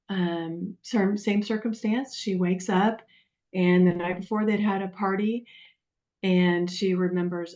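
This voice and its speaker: Woman coach telling stories over lo-fi audio. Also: fairly low pitch. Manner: animated storytelling, acting out quoted voices. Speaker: guest coach. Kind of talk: storytelling on a webinar. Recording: dull, lo-fi webinar audio.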